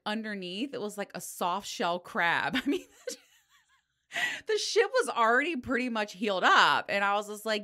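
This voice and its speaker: A woman's voice: mid-range voice, pushed and bright. A middle-aged woman hosting a podcast, telling stories in a casual, profane way and laughing often. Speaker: podcast host. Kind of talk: casual solo podcast storytelling.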